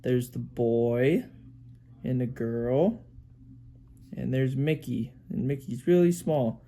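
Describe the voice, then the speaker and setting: A man's voice: mid-range voice, takes it slowly, dark tone. A man reading a picture book aloud to his young daughter, pointing out pictures and making animal sounds.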